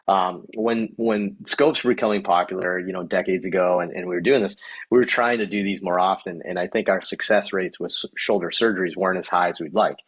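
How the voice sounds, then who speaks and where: A man's voice: low-pitched, breathy edge. A man hosting a physical therapy podcast in casual chat, rambling with many fillers and frequent laughter.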